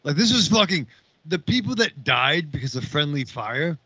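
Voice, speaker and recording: A man's voice: a little high, very animated, normal speed, bright, forceful tone, slightly rough, dry recording, highs cut off. A man in a casual movie podcast, trading sarcastic, profane banter.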